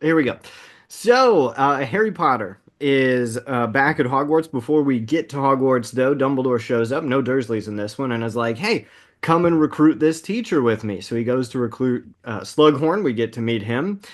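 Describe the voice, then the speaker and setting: A man in his thirties co-hosting a casual movie podcast, upbeat and laughing often as he recaps the plot at a quick clip. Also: mid-range voice. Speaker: podcast co-host.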